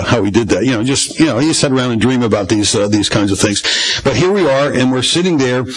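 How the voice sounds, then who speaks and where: A man's voice: mid-range voice, breathy edge, poor audio. A pastor preaching a conversational Bible-study sermon in a folksy way, often asking his congregation questions.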